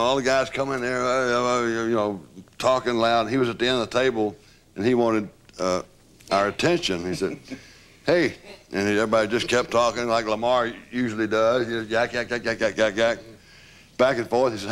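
An older man being interviewed, telling lively anecdotes with laughter and the odd curse. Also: mid-range voice, fairly quick. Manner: animated storyteller, laughs, swears. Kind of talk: recounting stories.

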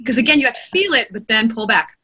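A woman audiobook narrator and voice actor being interviewed, talking in an animated way, laughing often and acting out quotes. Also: a little high, fast. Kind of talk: interview conversation. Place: home studio.

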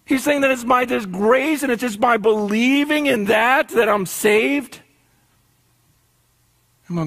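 High-voiced passionate male pastor. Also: measured pace. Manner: passionate, swings from hushed to urgent; rhetorical questions to the congregation. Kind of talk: sermon.

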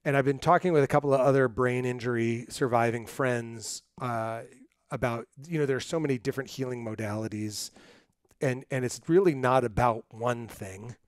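A middle-aged man hosting a podcast interview, telling stories in a lively, animated way. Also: medium pitch, normal speed, no echo, studio quality. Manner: animated storyteller, acts out quotes. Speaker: podcast host. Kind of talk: casual interview chat.

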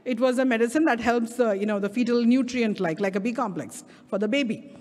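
A middle-aged woman with an Indian English accent preaching a sermon at a prayer meeting, stretching key words slowly for emphasis. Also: fairly high pitch, darkish tone. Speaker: guest speaker. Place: church prayer hall. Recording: reverberant hall.

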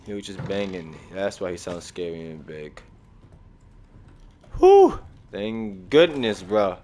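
A man's voice: low-pitched, unhurried, darkish tone. A man hosting a casual let's-play of a horror game, talking in slang and breaking into sudden startled outbursts. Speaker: gaming video host.

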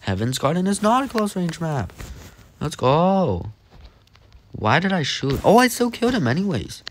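Animated young man commenting on gameplay. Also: on the high side, normal speed, a little hiss or hum. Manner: animated, jokey, talks to himself while playing. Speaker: gaming commentator.

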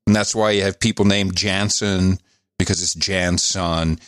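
A man's voice: deep voice, steady tone, a little slow, a bit bright, no room sound, clean studio sound. Wry, chuckling podcast co-host man. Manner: wry, chuckling, does playful voices. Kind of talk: casual chat.

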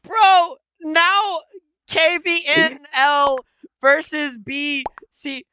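A woman's voice: high-pitched, extremely slow, pushed and bright, no room sound, rough recording. A young woman gaming YouTuber in casual chat, laughing often, exclaiming and swearing.

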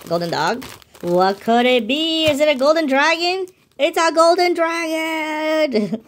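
A woman hosting a casual unboxing video, chatty, excitable and slangy, with gasps and giggles. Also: medium pitch. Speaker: channel host.

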